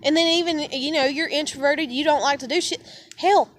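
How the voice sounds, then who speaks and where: A woman's voice: high-pitched, a little fast, slight background noise. A woman venting in a heated, profane, rambling monologue. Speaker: vlogger.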